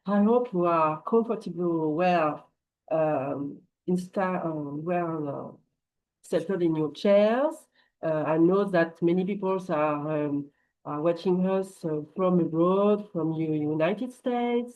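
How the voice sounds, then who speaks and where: Woman, French accent, slow, many ums and restarts, computer mic, online presentation. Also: fairly low pitch, a little mellow, lo-fi sound. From France. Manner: hesitant, many fillers and restarts. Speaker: translation company presenter. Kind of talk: live online conference talk. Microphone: computer microphone.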